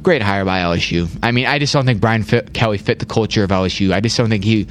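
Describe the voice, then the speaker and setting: A man's voice: on the low side, fast talker, slight background noise. A young man hosting a casual sports chat, rambling, repeating words and saying "like" a lot. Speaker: podcast host.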